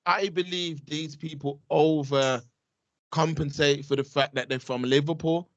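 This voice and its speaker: A man's voice: on the high side, fairly even intonation, measured pace, dry recording, highs cut off. Emphatic young English man, heavy. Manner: emphatic, repeats his points, street slang. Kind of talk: casual chat.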